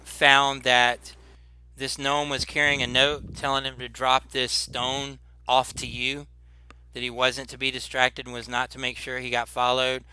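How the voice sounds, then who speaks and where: A man's voice: mid-range voice, completely flat delivery, unhurried, sharp tone, smooth. A man running a tabletop game as game master, laid-back and rambling with lots of fillers.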